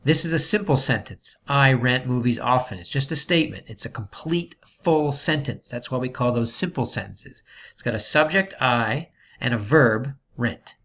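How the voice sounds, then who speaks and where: A man's voice: medium pitch, expressive, normal speed, a bit bright. A man teaching a writing lesson, explaining sentence types patiently and checking in with "okay". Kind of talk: classroom grammar lesson.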